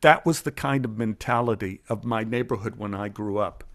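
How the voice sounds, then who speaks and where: A man in his sixties from Dallas, telling stories from his life in an animated, conversational way as an interview guest. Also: lowish voice, normal speed, dry recording, clean studio sound. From Dallas, Texas. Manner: animated, acts out remembered voices. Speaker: guest storyteller. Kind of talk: conversational storytelling.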